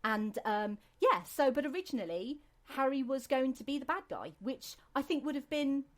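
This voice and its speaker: A woman's voice: high-pitched, lively intonation, normal speed. A British woman hosting a podcast, chatting casually in a rambling way with many fillers and restarts. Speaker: podcast host. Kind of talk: casual chat.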